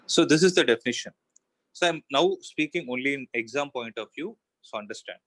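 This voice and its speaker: A man's voice: medium pitch, lively intonation, fairly quick, a bit bright, poor audio. A man teaching a physics class, explaining step by step and asking himself questions as he goes. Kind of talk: classroom lecture.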